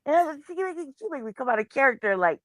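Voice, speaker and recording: A woman with a fairly high voice hosts a loose livestream chat. She tells her stories with animation and swears freely. Her voice sounds dry and close, with no room echo. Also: rapid-fire. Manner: profane, animated storytelling. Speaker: show host.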